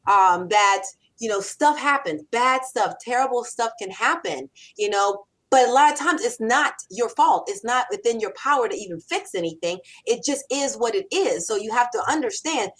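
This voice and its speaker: Woman in her 60s, author guest, lively storyteller who acts out quotes, slightly high voice. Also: normal speed, low-quality recording. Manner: animated, acts out quoted lines. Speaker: copywriter and author. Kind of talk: conversational interview.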